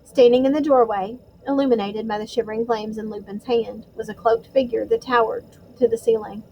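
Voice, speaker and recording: Lady narrating a storybook, slow suspense build, kinda high voice. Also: fairly even intonation, a little mellow, slight background noise, poor audio. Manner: measured, suspenseful. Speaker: audiobook reader.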